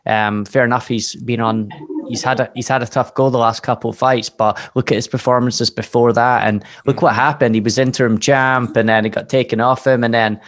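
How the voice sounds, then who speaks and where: An excitable young man with a Scottish accent, chatting casually as a podcast co-host. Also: mid-range voice, brisk. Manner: enthusiastic, filler-heavy. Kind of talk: casual chat.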